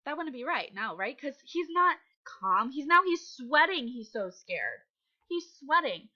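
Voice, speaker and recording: A woman's voice: high voice, big pitch swings, measured pace, sharp tone, lo-fi sound. A woman teaching young children to read, patient and encouraging as she sounds out letters. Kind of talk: reading lesson for young children.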